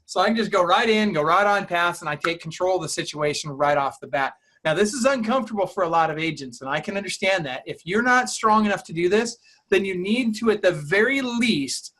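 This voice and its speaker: High-voiced energetic sales coach man. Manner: energetic, emphatic, acts out client dialogue. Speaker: real estate coach. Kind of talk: coaching interview.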